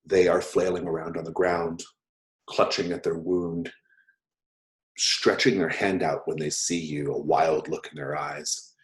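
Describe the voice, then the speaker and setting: Brief: male game master, deep voice, unhurried descriptive narration. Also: little pitch movement.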